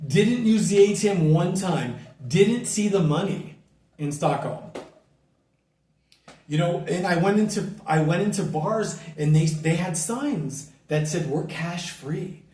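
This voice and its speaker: Loud, cursing man ranting outdoors. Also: high voice, very animated, slow pace, roomy sound, recorded from a distance. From United States. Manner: loud, profane, ranting and irritated. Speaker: vlogger. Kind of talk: profane outdoor rant to camera. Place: outdoors at dusk, bugs and a barking dog nearby.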